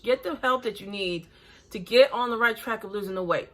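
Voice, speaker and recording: A woman's voice: a little high, a little fast. A woman in her forties hosting a reaction video, talking bluntly and critically in casual chat while breathing hard. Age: 40s.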